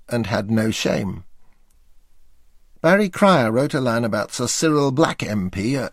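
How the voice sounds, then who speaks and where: An older man narrates his memoir with dry, wry understatement. His voice is gravelly with a rough fry at phrase ends. It is recorded close and dry, with no room sound. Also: medium pitch, no room sound. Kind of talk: reading a memoir aloud.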